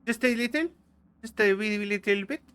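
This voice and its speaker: Streaming a game, this young man chats casually, rambling in a playful manner and interrupting himself again and again. He talks briskly in a high, smooth voice with a slightly bright edge.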